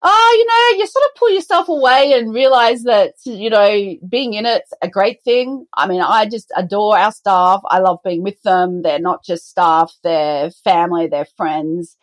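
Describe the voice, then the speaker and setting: Lively businesswoman telling stories. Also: medium pitch, unhurried, hardly any pauses, no room sound. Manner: animated storyteller, acts out quoted dialogue. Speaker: business co-founder and guest. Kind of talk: conversational podcast interview.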